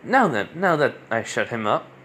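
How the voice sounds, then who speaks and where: A man's voice: mid-range voice, sing-song, moderate pace, pushed and bright, slight background noise. A man voicing a doting, motherly female demon who fusses eagerly over a young man.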